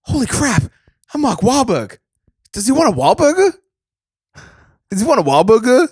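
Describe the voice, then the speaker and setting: A man's voice: very high voice, sing-song, moderate pace, darkish tone, slightly rough, no echo, pitched above the performer's own voice, full character voice. A man doing a blustering tough guy. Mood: frantic. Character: brash, hot-headed male movie star from Boston.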